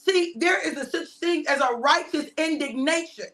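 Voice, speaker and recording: Middle-aged woman preacher, high and bright, lively energetic sermon delivery with repeated lines. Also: moderate pace. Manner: animated, repeats phrases, laughs often, shouts for emphasis. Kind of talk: energetic sermon on a live stream.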